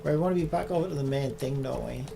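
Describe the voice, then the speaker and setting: A man's voice: medium pitch, racing, vocal fry, over music. A man streaming a game, ranting at it in sarcastic, profane commentary.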